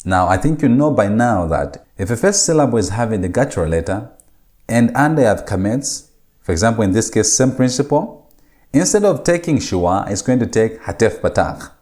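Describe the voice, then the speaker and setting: A man's voice: lowish voice, very animated, moderate pace, darkish tone. Methodical man teaching Hebrew grammar. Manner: methodical, repeats key points and numbers steps. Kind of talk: recorded lecture with slides.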